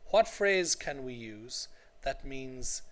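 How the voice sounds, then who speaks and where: In his English class for adult learners, a native English-speaking man speaks slowly with lively intonation in a medium-pitched, slightly bright voice. He repeats phrases patiently and keeps checking in with "okay?".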